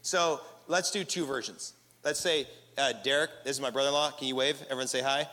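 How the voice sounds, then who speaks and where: A male pastor preaching to a live crowd, energetic and casual, leading the room in call-and-response. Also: mid-range voice, brisk. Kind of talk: sermon. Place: large hall with live audience. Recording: echoey hall reverb.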